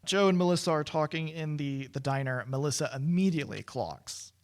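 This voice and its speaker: A man co-hosting a podcast, chatting casually about a film, with quick asides and frequent laughs. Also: a little high. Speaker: podcast co-host. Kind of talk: casual movie discussion.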